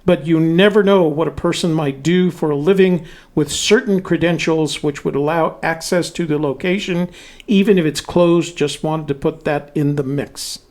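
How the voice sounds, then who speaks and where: A man's voice: on the high side, fairly even intonation, moderate pace, a little mellow. A man hosting a casual livestream, reading listener messages aloud and adding dry jokes. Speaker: host.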